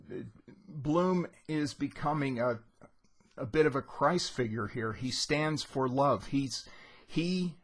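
A man's voice: medium pitch, a bit bright, slightly rough. A man teaching literature in a casual, conversational lesson, retelling scenes with rising emphasis.

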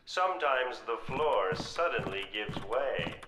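An actor playing a polite haunted house ride announcer guiding visitors in a game. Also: male voice, medium pitch, animated. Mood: calm. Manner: slow, polite guide. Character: calm adult male ride announcer. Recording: echoey game audio with noise.

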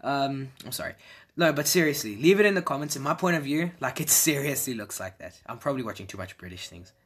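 A man giving casual, excitable reaction commentary as a video creator, repeating his exclamations and laughing often. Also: mid-range voice, fast talker, husky. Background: faint background music.

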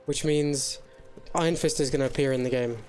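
A man's voice: mid-range voice, fairly quick, faint music behind. A young man chatting jokily while playing a video game, now and then slipping into silly voices. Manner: jokey, excitable, often slips into silly voices. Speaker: gamer host. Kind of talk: casual gaming chat.

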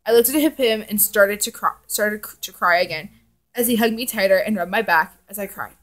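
A woman's voice: medium pitch, brisk, fairly bright tone. Young woman casually reading her fanfic. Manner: chatty asides, self-correcting. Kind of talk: casual fanfic read-aloud.

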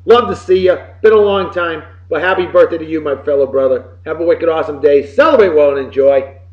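A man from Massachusetts, hosting a show and giving folksy, boisterous birthday shout-outs. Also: a little high, fairly quick. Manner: boisterous and folksy, swinging loud and soft. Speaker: podcast host. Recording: roomy, slightly dull lo-fi recording.

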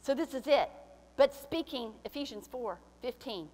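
High-voiced woman pastor preaching in a hall. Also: animated, normal speed. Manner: preaching with swings from soft to shouted, acting out quoted voices. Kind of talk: sermon. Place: church sanctuary. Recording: church hall with long reverb.

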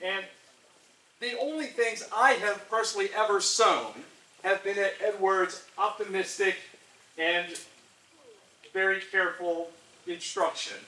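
A man's voice: high voice, steady tone, a little slow, long pauses, bright, forceful tone. A man reading a formal ceremonial oration, declamatory as he lists honors. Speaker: historian speaking at a ceremony. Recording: echoey and distant.

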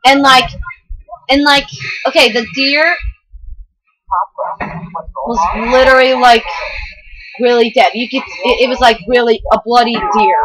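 High-pitched young girl rambling over gameplay. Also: level tone, unhurried, pauses often, rough recording. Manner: rambling, lots of fillers. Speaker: gamer. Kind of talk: let's play commentary.

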